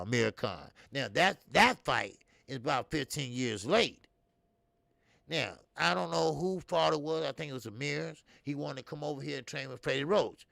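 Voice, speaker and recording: Gravelly, rambling boxing talk host. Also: male voice, mid-range voice, a bit bright, no echo, studio quality. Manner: loose, profane and rambling, with many fillers. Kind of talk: casual live-stream commentary.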